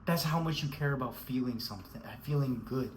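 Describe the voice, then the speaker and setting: A man's voice: medium pitch, fairly quick, background noise. A man giving a scolding, emphatic motivational rant, repeating himself and calling the listener bro. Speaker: motivational speaker.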